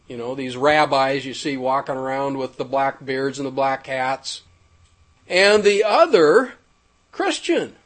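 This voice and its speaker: A man reading a prepared text aloud in a formal, measured way with ornate wording. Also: high voice. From United States.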